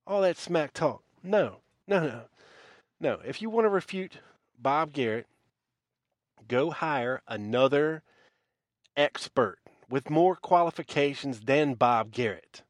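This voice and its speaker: A man's voice: on the high side, no room sound, studio quality. A man hosting a podcast, delivering a blunt, scornful rant full of profanity. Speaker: podcast host. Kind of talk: ranting monologue.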